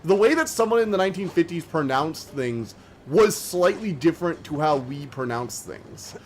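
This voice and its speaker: A man streaming a game, chatting casually and rambling, talking fast and slurring his words together. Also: on the high side, expressive, a little hiss or hum. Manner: chatty and rambling, many fillers. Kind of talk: casual live-stream chat while gaming.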